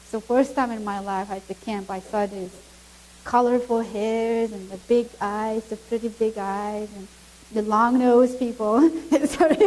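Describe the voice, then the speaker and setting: A middle-aged woman from Mongolia with a Mongolian accent, giving a church testimony as an animated storyteller who laughs often. English is not her first language. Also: fairly high pitch, low-quality recording. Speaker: guest speaker.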